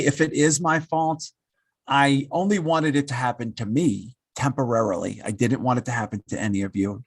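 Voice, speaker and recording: Husky-voiced man rambling on a podcast. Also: mid-range voice, moderate pace, no room sound, clean studio sound. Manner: rambling, self-mocking, with many fillers and restarts. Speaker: podcast co-host. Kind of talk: casual joking chat.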